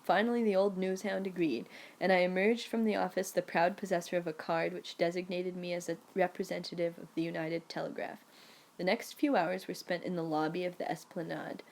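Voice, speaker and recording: A woman reading a memoir audiobook aloud in a lively, storytelling manner. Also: on the low side, a little fast, gravelly. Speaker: audiobook narrator. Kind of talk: scripted first-person narration.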